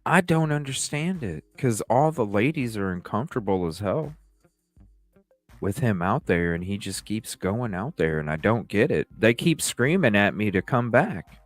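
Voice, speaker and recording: A man's voice: fairly low pitch, normal speed, no echo, faint music behind. Profane, rambling man on a livestream. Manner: rambling, profane, animated storytelling. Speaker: livestream host. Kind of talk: casual livestream talk.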